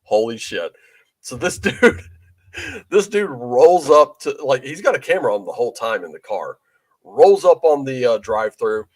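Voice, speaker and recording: A man's voice: medium pitch, very animated, normal speed, no room sound. A man co-hosting a podcast, chatting casually, laughing often and swearing freely. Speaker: podcast co-host. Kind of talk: casual chat.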